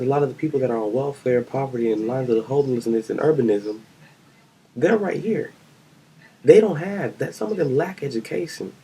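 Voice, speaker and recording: A man's voice: medium pitch, dark tone, breathy edge, low-quality recording. A young man from Kansas delivering a rambling, scolding political rant in a home vlog. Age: young adult. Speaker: vlogger.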